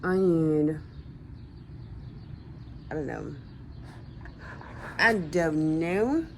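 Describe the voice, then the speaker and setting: A woman's voice: low-pitched, very animated, very slow, long pauses, a little hiss or hum, rough recording. A woman talking to herself at home in a casual vlog, rambling and groggy. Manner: rambling, groggy self-talk. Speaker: vlogger.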